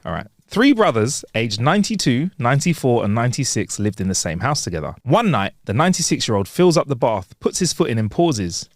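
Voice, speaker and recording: A man co-hosting a podcast, casually reading jokes aloud and laughing loudly at his own punchlines. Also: medium pitch, very animated, fairly quick, few pauses, dry recording, studio quality. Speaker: podcast co-host. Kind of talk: casual joke-telling chat.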